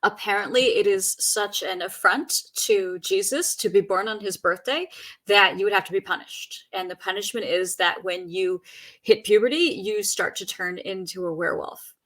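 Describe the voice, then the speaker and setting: A woman's voice: mid-range voice, normal speed, a bit bright. A woman on a podcast, chatting casually and retelling folklore with plenty of fillers. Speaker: podcast guest. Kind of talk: casual chat.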